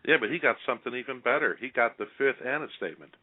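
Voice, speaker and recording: A man's voice: mid-range voice, expressive, fast, phone-quality sound. Blunt guy hosting a political chat, rambles and repeats himself, sounds like over the phone. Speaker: talk show host. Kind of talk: casual political talk.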